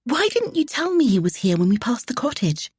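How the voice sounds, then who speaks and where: A woman's voice: medium pitch, expressive, normal speed, husky, dry recording, clean studio sound, pitched above the performer's own voice. A woman voicing a proud, independent woman painter who speaks tartly and curtly. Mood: whispered scolding.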